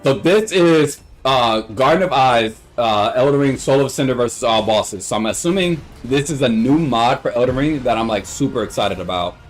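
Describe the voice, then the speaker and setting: A young man on a casual livestream, rambling through a story and acting out the quotes in high voices. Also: animated, normal speed, few pauses, faint music behind. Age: young adult.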